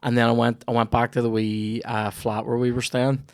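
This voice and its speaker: A man's voice: medium pitch, flat delivery, moderate pace, smooth, no echo, studio quality. A young Northern Irish man tells a long, rambling story as the host of a casual chat. He swears freely, restarts his sentences and keeps a middling voice. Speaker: comedian podcast host.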